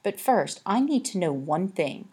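A woman voicing an anxious but determined young girl who speaks insistently, trying to keep her voice steady. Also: lowish voice, measured pace, breathy edge, full character voice.

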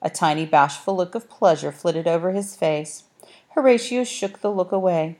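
A woman narrating a children's novel in a measured, expressive storytelling manner. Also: fairly low pitch. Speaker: audiobook narrator. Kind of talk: scripted narration.

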